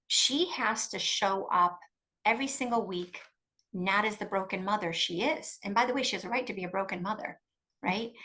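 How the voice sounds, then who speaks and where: A middle-aged woman, a guest expert in an interview, giving coparenting advice in an emphatic, fast-flowing way with frequent restarts. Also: medium pitch, bright, forceful tone, rough recording.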